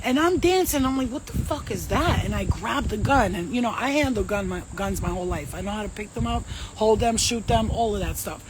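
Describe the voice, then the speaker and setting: Streetwise woman medium telling a wild story, cussing a lot, mid pitch, faint hiss behind her. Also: brisk, few pauses. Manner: animated, profane, streetwise slang. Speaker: psychic medium and host. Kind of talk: casual storytelling to a live audience.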